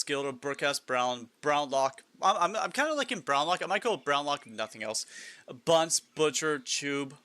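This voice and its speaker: A man chats casually on a game stream, reading lists aloud and musing as he goes. He chuckles often, and his voice is bright and forceful. The sound is dry and close. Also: a little high, no echo. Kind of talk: casual live-stream chat while gaming.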